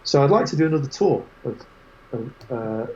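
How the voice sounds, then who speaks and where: A man as an interview guest, telling lively anecdotes with quoted voices in casual chat. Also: medium pitch, moderate pace, dull audio, a little hiss or hum. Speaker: guest photographer.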